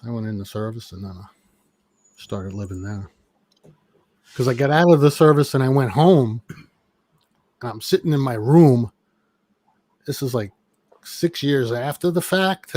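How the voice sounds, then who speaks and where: A man's voice: mid-range voice, normal speed, pauses often, mellow, no room sound. A middle-aged man casually telling a long, rambling story with plenty of swearing. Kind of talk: casual chat.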